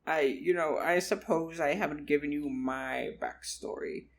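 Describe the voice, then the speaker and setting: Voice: medium pitch, unhurried, vocal fry, a little hiss or hum. A storyteller doing a dithering old man. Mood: sheepish. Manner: dithering, old-fashioned scolding. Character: flustered elderly man companion.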